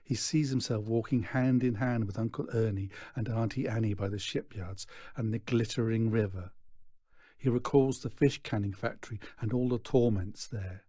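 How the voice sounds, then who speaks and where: A man reading a children's novel aloud in slow, measured narration. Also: fairly low pitch, fairly even intonation, dark tone, breathy edge, dry recording. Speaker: reader. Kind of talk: storybook read-aloud.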